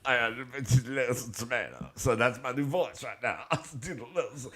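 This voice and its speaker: A middle-aged man hosting a casual chat show, telling a story with a lively, swinging pitch. He talks loosely, laughs a lot and swears offhandedly. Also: normal speed. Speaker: podcast co-host.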